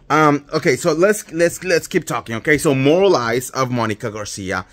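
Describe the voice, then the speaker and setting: A man's voice: medium pitch, lively intonation, moderate pace, few pauses, fairly bright tone. A man hosting a casual pop culture gossip commentary, talking in an exasperated, incredulous way with lots of fillers.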